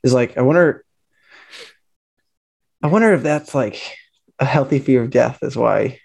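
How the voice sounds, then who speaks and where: Musing man with a gravelly voice. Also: mid-range voice, lively intonation, a little slow, darkish tone. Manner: musing, hesitant, many fillers and restarts. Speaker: podcast co-host. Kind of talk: casual chat.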